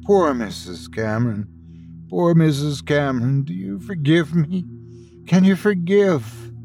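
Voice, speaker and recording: A man's voice: medium pitch, very animated, measured pace, soft background music. A man voicing a feverish, dying man who gasps and pleads in guilt-ridden delirium. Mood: raving. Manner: gasping, wild, pleading.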